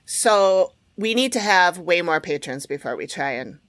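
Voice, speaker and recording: A woman's voice: lowish voice, expressive, unhurried, a bit bright. A woman hosting a podcast in casual chat, explaining things at length and acting out back-and-forth exchanges. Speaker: podcast host.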